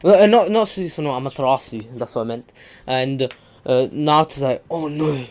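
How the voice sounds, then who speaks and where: A man's voice: medium pitch, expressive, moderate pace, darkish tone. A man hosting his own channel, casually narrating a fan-made story in a loose, rambling way. He fills the gaps with ums and uhs and keeps restarting his sentences, in an ordinary mid-range voice. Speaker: channel host.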